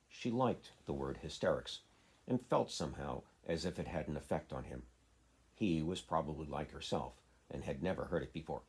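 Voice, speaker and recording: A man, a father, reading a children's classic aloud in a steady, plain way. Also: a bass voice, normal speed, husky. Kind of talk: storybook reading.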